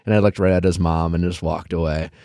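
A man's voice: deep voice, level tone, fast, mellow, dry recording, clean studio sound. A man hosting a podcast, telling stories in a rambling, casual way with frequent restarts and some swearing. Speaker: podcast host. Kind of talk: casual chat.

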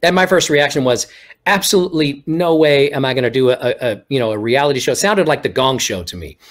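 A middle-aged man from Texas, a ventriloquist guest on a video-call interview, telling stories in a casual, animated way and acting out quoted speech. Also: mid-range voice, fast talker.

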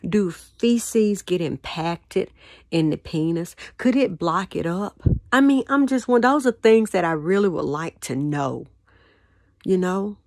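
A woman's voice: lowish voice, a little mellow, no echo, clean studio sound. A woman giving a rambling spoken monologue, repeating words and asking questions, often dropping to a whisper. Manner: repetitive, questioning, drops to whispers. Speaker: vlogger.

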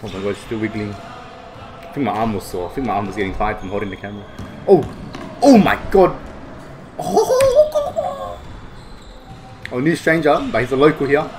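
A young man giving excitable, foul-mouthed reaction commentary. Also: lowish voice, fast talker, music in the background. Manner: excitable, swears a lot, bursts of shouting. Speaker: vlogger reacting to basketball footage.

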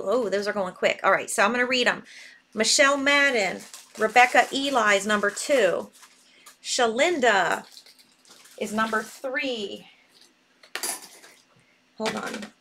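A woman hosts a live sale stream, reading out names in an unhurried, drawn-out way. Her voice sits a little high, and she gets excitable when showing pieces. Faint keyboard clicks sit under her voice. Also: slight background noise. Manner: excitable, reads buyer names aloud while typing. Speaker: live jewelry sale host.

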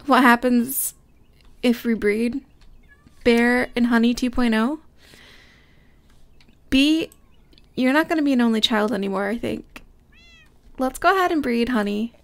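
A young woman hosting a casual gameplay commentary, gushing and excitable, often squealing with delight. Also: sits high. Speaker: Minecraft let's play host.

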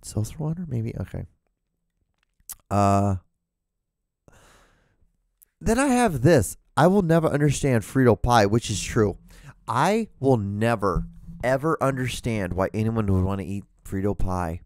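A man rants alone on his podcast in a mellow, warm voice, with blunt, profane asides and a rambling flow. His voice is starting to wear thin. The sound is close and dry. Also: lowish voice, expressive, measured pace, pauses often, no echo. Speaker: podcast host. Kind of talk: solo podcast rant.

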